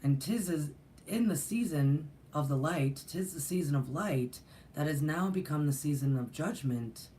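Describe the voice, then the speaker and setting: With a low, warm voice and measured pace, a middle-aged spiritual teacher who hosts a channel shares a personal story over slight background noise. She rambles earnestly in this casual monologue, with frequent fillers and restarts.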